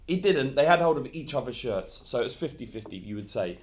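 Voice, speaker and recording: A man's voice: medium pitch, lively intonation, a little fast. A man co-hosting a football podcast, ranting heatedly in casual chat and swearing freely. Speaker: podcast co-host.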